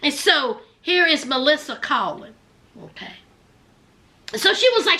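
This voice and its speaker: Sassy high-voiced woman recapping reality TV. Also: normal speed. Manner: sassy, animated, addresses people on the show directly. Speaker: reality show recap commentator. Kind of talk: casual commentary recap.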